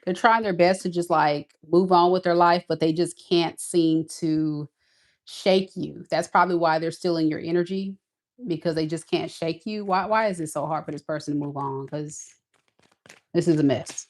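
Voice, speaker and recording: A woman's voice: deep voice, fairly even intonation, normal speed. A woman giving a casual tarot reading, talking in a blunt, sassy, emphatic way. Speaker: tarot reader.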